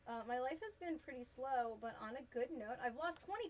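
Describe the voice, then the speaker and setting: A woman's voice: high voice, animated, fairly quick, a little mellow, slight background noise, low-quality recording. A woman chatting casually while she crafts a cosplay on a live stream, rambling, laughing often and answering her chat. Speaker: cosplay livestreamer.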